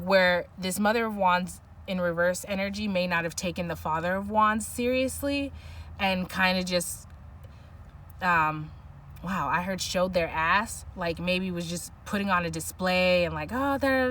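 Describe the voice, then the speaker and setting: A woman's voice: on the low side, distant mic. A woman doing an intuitive tarot reading, musing aloud and searching for words, with many restarts. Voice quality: soft, emotional at times. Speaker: tarot reader.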